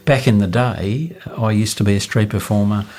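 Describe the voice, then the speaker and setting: A man's voice: lowish voice, moderate pace, a little mellow. A man telling a comic story, chatty and self-mocking. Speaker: storyteller, former street performer.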